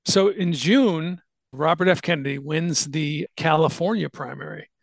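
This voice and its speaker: A man's voice: a little high, a little slow, vocal fry, no room sound. A man hosting a podcast, casually explaining history at length with fillers and restarts. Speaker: podcast host.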